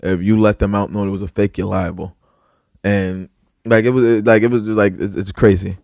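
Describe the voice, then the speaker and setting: A man on a podcast retells a rough night at length, full of "like" and restarts and a lot of swearing. His voice sits on the low side, and the sound is close and dry, with no room around it. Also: normal speed, no echo. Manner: heavy filler words, profane, animated retelling. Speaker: podcast co-host. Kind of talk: casual storytelling.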